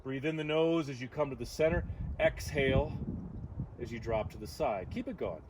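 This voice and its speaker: A man leading a morning yoga stretch outdoors, giving calm instructions with playful joking asides. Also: medium pitch, normal speed, background noise. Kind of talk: guided yoga class. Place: outdoor deck on a windy morning.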